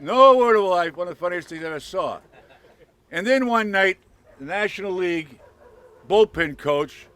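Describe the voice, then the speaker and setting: A man telling animated stories at an outdoor dedication, loudly acting out the voices of the people he quotes. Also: high-pitched. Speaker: speaker at a dedication. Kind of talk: storytelling speech. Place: outdoor ballfield ceremony.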